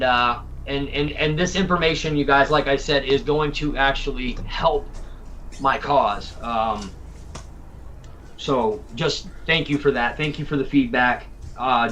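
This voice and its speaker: A man's voice: medium pitch, a little slow, a bit bright, a little hiss or hum. A man from Tennessee hosting a casual livestream chat, rambling and laughing as he repeats his words. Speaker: host.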